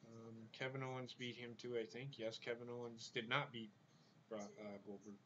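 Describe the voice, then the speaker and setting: Brief: blunt, profane male podcast host with a bright voice, recorded on a muffled lo-fi mic. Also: mid-range voice, little pitch movement, normal speed. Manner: blunt and profane, stammers when starting a point. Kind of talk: casual wrestling chat.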